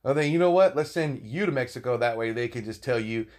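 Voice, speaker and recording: A young man running his own podcast, riffing loosely and swearing freely as he gives blunt opinions. His voice sits at an everyday middle pitch, and his delivery stays casual and meandering. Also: expressive, quick pace, a little mellow. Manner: profane, rambling, opinionated. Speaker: podcast host. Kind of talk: casual solo podcast talk.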